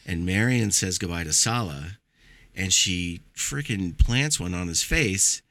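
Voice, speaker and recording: A man's voice: deep voice, expressive, unhurried, fairly bright tone, dry recording. A middle-aged man hosting a casual movie chat, telling a story with a lot of swearing and acting out quotes.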